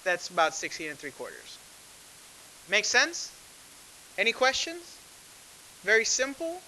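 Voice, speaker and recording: Male math teacher, classroom lecture, high voice, light hiss. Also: very animated, a little slow, pushed and bright, rough recording. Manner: asks the class frequent questions, conversational.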